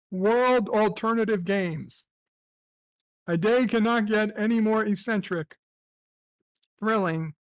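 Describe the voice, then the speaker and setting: A man's voice: sits high, a bit bright, clear, resonant tone, no room sound. A man hosting a casual livestream chat, reading off the day's holidays and chat messages with crude, sarcastic asides. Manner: crude, sarcastic, profane rants. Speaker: livestream host.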